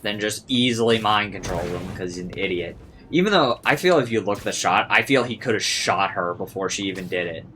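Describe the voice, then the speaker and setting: A man's voice: lowish voice, expressive, brisk, pushed and bright, faint music behind. A man casually reviewing a film, rambling and sarcastic, with lots of swearing.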